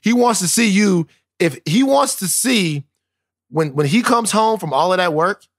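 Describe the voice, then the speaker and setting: A male podcast co-host from Louisiana telling stories in casual, profane, animated chat. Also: high-pitched, a little slow, no room sound, studio quality. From Louisiana, United States.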